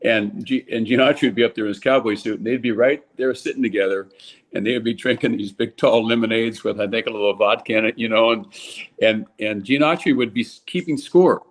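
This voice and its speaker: Older man spinning lively ballpark tales. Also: mid-range voice, fairly quick. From California. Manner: animated anecdote teller, lots of restarts, voices people in quotes. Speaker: guest, former ballplayer. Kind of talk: casual storytelling.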